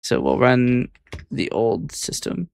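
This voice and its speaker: A man casually talking to himself while editing his own clips, mildly exasperated as the software acts up. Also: medium pitch, very animated, slow pace, vocal fry, smooth, dry recording.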